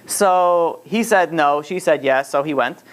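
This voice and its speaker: A man's voice: on the high side, measured pace, slight background noise. A man teaching a religious lesson in a casual, rambling storytelling way, full of fillers and restarts. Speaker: Torah teacher.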